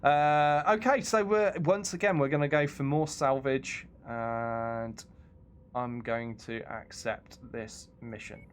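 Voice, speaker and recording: A man's voice: medium pitch, steady tone, takes it slowly, slight background noise. A man streaming a game, chatting casually with frequent laughs, stumbles and restarts. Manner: joking, stammering, laughing often. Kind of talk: casual live-stream commentary.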